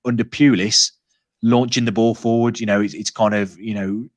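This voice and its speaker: A man's voice: fairly low pitch, fairly even intonation, moderate pace, no room sound. A man hosting a football podcast, chatting casually and hesitantly with many restarts. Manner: hesitant, lots of filler and restarts. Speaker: podcast host.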